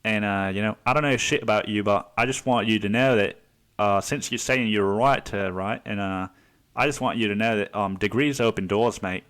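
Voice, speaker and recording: A man's voice: fairly low pitch, normal speed, a bit bright, clean tone, lightly acted. A man voicing a condescending Australian bloke with an Australian accent, repeating himself in a patronizing way.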